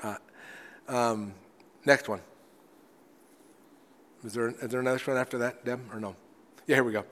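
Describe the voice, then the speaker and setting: A man preaching a sermon as pastor, earnest, often repeating words as he restarts and swinging between loud and quiet. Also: medium pitch, steady tone, normal speed, long pauses, in a large hall.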